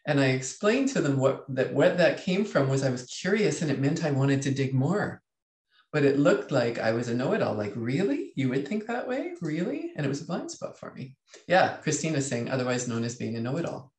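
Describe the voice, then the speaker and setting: Male coach, webinar host, lively, reads chat aloud, echoey room. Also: mid-range voice, a little fast. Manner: lively, reads out chat comments, acts out inner voices. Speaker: leadership coach. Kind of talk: webinar teaching.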